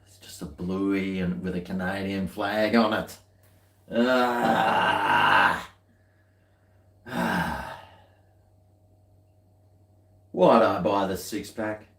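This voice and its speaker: A slow-talking Australian man with a lowish voice, chatting casually as he tastes beer. His talk rambles, dry and full of half-muttered asides. The sound bounces around an echoey room. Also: vocal fry, fairly bright tone. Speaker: beer-tasting vlogger. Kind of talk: casual chat while tasting beer.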